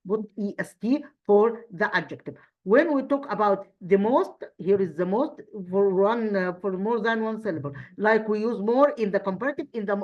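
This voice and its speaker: An Egyptian-accented woman teacher, a native Arabic speaker, reviews English grammar for an exam, speaking haltingly with many restarts and posing questions she then answers herself. Her voice is mid-range and the audio sounds dull.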